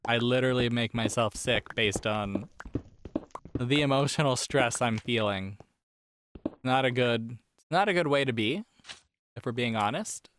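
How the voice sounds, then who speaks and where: A man's voice: mid-range voice, measured pace, pauses often, a bit bright, a little hiss or hum. A man hosting a casual let's play, rambling and self-deprecating as he plays. He is losing his voice. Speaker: gaming channel host. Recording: game music playing under voice. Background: game music.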